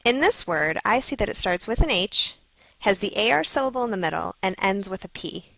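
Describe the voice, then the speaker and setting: A woman narrating a scripted phonics video for children, slowly sounding out letters and words. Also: medium pitch, lively intonation, a bit bright, no room sound, poor audio. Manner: slow, clearly sounding out letters.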